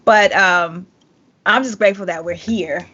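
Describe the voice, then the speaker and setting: A woman in her forties hosting a podcast, playful and animated with quick asides. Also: on the low side. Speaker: podcast host and singer. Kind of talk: casual interview chat. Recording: dull lo-fi audio.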